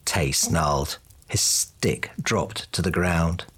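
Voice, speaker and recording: A man narrating a fantasy audiobook in a steady, even way. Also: low-pitched, slow pace, slightly rough.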